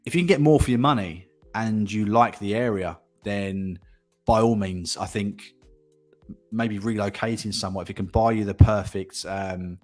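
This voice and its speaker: A man's voice: on the low side, moderate pace, a little mellow, faint music behind. A man hosting a casual property livestream, chatting and reading out viewer comments, often repeating himself and laughing.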